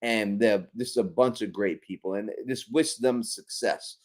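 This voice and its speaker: A man's voice: fairly low pitch, unhurried. Emphatic man co-hosting a fan show. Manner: emphatic, repeats "you know what I mean". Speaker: co-host. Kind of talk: casual podcast chat.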